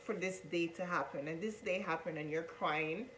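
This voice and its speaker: Woman, low-ish voice, earnest storytelling, faint hum behind. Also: normal speed, fairly bright tone, rough recording. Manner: earnest, repeats herself, addresses viewers as guys. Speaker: vlogger telling her coming-out story. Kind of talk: emotional storytelling to camera.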